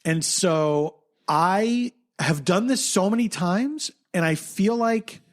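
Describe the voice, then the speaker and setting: A man's voice: sits high, lively intonation, slow. A man co-hosting a podcast, telling a story in casual chat and laughing often. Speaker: podcast co-host.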